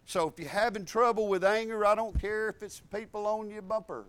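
A man preaching a sermon in a folksy, animated storytelling way. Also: high voice, fairly quick, clean tone, dry recording.

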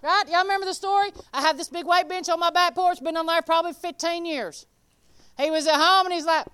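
A woman preaching an informal sermon, folksy and animated, calling out members of the congregation by name. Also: very high-pitched, a little fast.

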